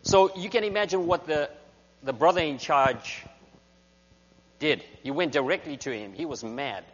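A man preaching a sermon as a guest speaker, telling stories in an animated way. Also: on the high side, moderate pace. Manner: animated storyteller. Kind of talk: sermon with storytelling. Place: church sanctuary. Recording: dull recording in reverberant hall with hum.

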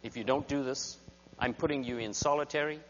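A man's voice: medium pitch, fairly even intonation, fairly quick, fairly bright tone, natural voice. A man voicing a stern older monk in charge who scolds firmly, in a dull, echoing hall recording with hum.

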